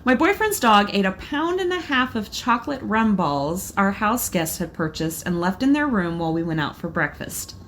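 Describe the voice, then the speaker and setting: A woman co-hosting a podcast, reading listener stories aloud in a casual, expressive way. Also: medium pitch, moderate pace, few pauses, slight background noise. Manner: laughs often, expressive. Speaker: podcast co-host.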